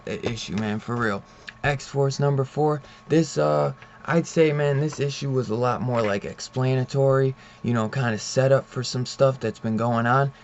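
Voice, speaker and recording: A man's voice: medium pitch, a little mellow, slight background noise. A man in a casual, profane comic book review rant, leaning on "like", "man" and "dude" as he retells scenes. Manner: loose and profane, heavy use of "like", "man" and "dude"; retells scenes in a loose storytelling way. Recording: slightly dull, muffled audio.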